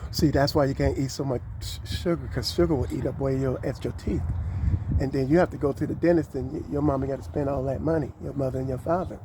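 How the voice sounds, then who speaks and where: A man's voice: mid-range voice, fairly even intonation, fast talker, noisy background. A man talking to camera in a rambling, encouraging way, with many fillers, recorded outdoors. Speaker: vlogger. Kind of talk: casual talk to camera.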